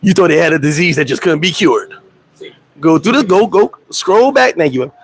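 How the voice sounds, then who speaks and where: Lively, laughing man with AAVE. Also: normal speed, husky, poor audio. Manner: animated, laughing, acts out quotes in high voices; profane, streetwise slang. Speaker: host. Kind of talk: casual livestream chat. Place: Dominican Republic.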